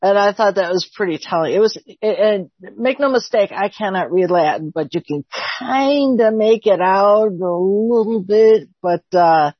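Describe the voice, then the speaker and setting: Woman, group participant, casual delivery, husky tone, dry low-fi recording. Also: unhurried, hardly any pauses, no echo. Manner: casual and conversational, with fillers. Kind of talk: Bible study discussion. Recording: dry, dull lo-fi audio.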